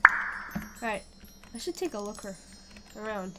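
A woman's voice: mid-range voice, lively intonation, unhurried, pauses often, noisy background. A woman giving casual commentary while playing a video game, chatting and reading the on-screen text aloud. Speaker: gamer. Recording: loud game music behind. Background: game music.

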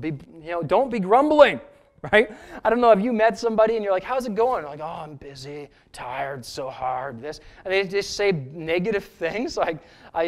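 A male pastor with a Canadian accent preaching a sermon in an earnest, emphatic way, repeating key phrases for stress. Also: high-pitched. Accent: Canadian English.

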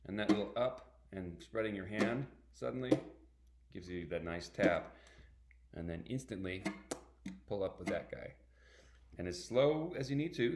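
A middle-aged man teaching a ukulele workshop, calmly explaining and vocalizing strum patterns by counting them aloud. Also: deep voice, normal speed, loud music behind the voice. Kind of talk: online music workshop lesson. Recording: echoey room with ukulele playing.

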